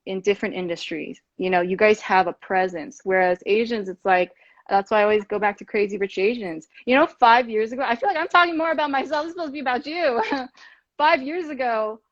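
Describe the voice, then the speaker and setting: A woman's voice: medium pitch, no echo. A woman hosting a podcast, talking earnestly in casual conversation with many fillers and restarts. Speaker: podcast host. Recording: dull muffled sound, dry.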